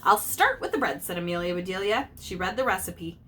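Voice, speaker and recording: Lively woman reading a storybook aloud. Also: fairly low pitch, fairly quick, a little hiss or hum. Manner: lively, explains idioms, voices characters. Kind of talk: reading a picture book aloud for remote school.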